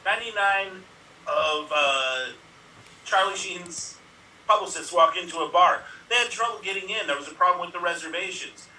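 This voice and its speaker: Very bright-voiced man, halting joke delivery. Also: sits high, recorded from a distance, a little hiss or hum, low-quality recording. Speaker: improv player. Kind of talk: telling quick setup-punchline jokes.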